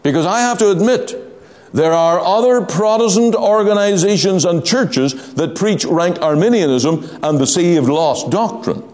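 A man preaching a sermon, stressing key phrases slowly and rising in emphasis as he argues doctrine. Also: sits high, lively intonation, darkish tone. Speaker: pastor. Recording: long hall reverb.

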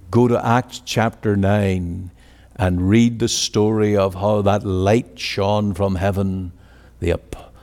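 A man preaching a sermon, climbing high and loud for quoted boasts and sinking low and hushed on solemn phrases. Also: big-room sound.

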